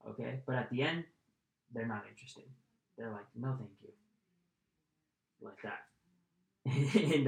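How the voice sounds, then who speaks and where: A man giving a casual spoken lesson on communication, blunt and profane, talking straight to the listener. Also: mid-range voice. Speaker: communication coach. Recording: echoey room.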